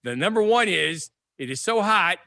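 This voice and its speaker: A man from the American Midwest co-hosts a casual chat, telling rambling stories and restarting his sentences. His voice is bright and a little higher than most men's. The sound is dry and close, as on a video call. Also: expressive, normal speed, vocal fry, dry recording. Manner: chatty, storytelling, self-interrupting. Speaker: podcast co-host.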